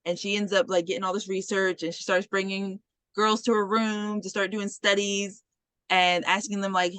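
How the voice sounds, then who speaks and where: A woman on a podcast, casually retelling a film's plot with lively, profane commentary and quick acted quotes. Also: medium pitch, no room sound. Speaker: podcast host. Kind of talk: casual movie recap.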